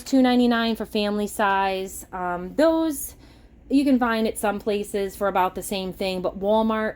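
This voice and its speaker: Mass accent lady, middle-aged, gabbing about her grocery haul, gets excited over cheap prices, a little bg noise. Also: mid-range voice. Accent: Massachusetts. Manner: chatty, excitable about bargains. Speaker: vlogger. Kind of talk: casual grocery haul chat.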